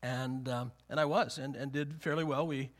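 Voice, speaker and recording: A pastor preaching a sermon in his church, telling a personal story in a halting way, often repeating words and chuckling. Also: medium pitch, fairly even intonation.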